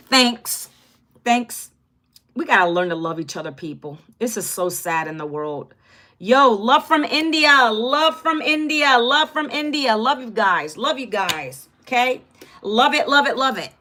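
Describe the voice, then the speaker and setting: A woman in her fifties talks casually into her phone on a livestream. Her voice is bright and sits a little high for a woman. She greets viewers by name and keeps the chat upbeat and friendly. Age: 50s. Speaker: content creator.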